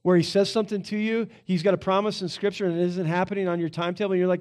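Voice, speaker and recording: Casual, animated man preaching a sermon. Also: sits high, fast talker, few pauses. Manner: casual, animated preaching with many fillers and restarts. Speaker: pastor.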